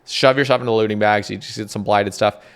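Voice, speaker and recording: Young man, low gravelly voice, casual excitable rambling, swears a lot. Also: quick pace. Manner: excitable, swears often, reads update notes aloud. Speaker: gaming content creator.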